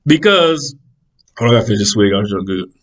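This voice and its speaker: A man's voice: on the low side, fast, rough recording. A man telling a story in casual monologue, swearing freely and acting out the people in it. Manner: animated, profane, acts out the people in his stories.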